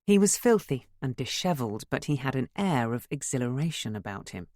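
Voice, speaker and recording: Low-voiced woman narrating an audiobook. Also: no room sound, studio quality. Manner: expressive first-person storytelling. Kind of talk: scripted narration.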